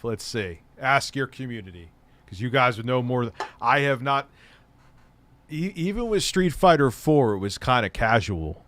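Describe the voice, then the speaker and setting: A man's voice: mid-range voice, fairly bright tone. A man hosting a casual live stream, rambling and swearing as he talks to his chat. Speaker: streamer reacting to videos.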